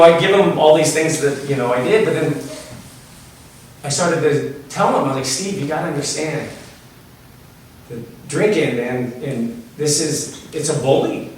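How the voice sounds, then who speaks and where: A male storyteller speaks to an audience in a loose, halting way with many restarts. His voice sits at a middle pitch and comes from well back from the mic. The hall around him is very reverberant, with a faint hiss. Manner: conversational, many fillers and restarts. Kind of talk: personal storytelling talk. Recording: echoey hall from far off.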